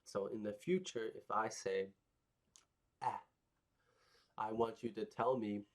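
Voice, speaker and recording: A man's voice: lowish voice, steady tone, slow pace, long pauses, a little mellow. A man teaching phonics to young children, patient and encouraging, repeating sounds for them to copy.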